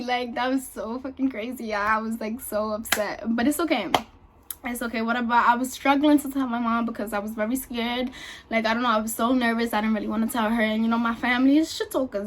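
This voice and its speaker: A woman's voice: on the high side, a little hiss or hum. Chatty young woman telling a storytime. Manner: chatty, lots of fillers and "y'all". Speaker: vlogger. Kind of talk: casual storytime.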